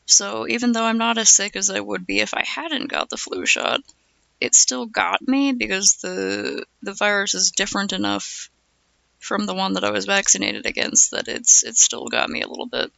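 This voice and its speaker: Gravelly, phlegmy young streamer with a cough. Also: medium pitch, animated, normal speed, sharp tone, dry recording. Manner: rambling, chatty, full of "like" and "uh". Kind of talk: casual chat with stream viewers.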